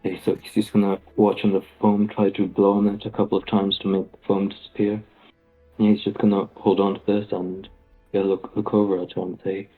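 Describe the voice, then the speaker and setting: Flat-voiced player on a tinny line. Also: male voice, fairly low pitch, brisk, faint music behind. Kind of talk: describing his character's actions.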